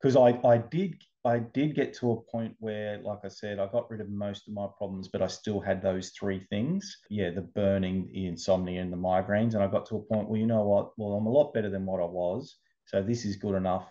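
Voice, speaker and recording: A man's voice: on the low side, steady tone, fairly quick, few pauses, warm tone, dull audio. A man telling his personal story as an interview guest, earnest and emotional, often repeating words.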